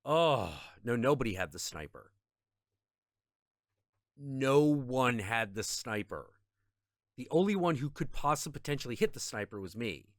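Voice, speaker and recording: Male streamer, frustrated and profane, unhurried delivery, dry close sound. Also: medium pitch, sing-song, no room sound. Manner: trails off into mutters and repetitions. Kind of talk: casual gaming stream chat.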